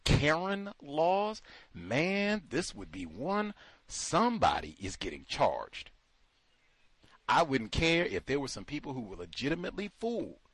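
A man's voice: fairly high pitch, a bit bright, no echo. A man hosting a talk show, delivering sarcastic, incredulous commentary full of rhetorical questions. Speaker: host.

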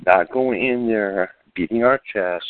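A man with a very low voice speaks emphatically in short, preaching phrases. The sound is dry and thin, like a phone line. He addresses listeners directly. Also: measured pace, no echo. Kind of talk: radio talk show.

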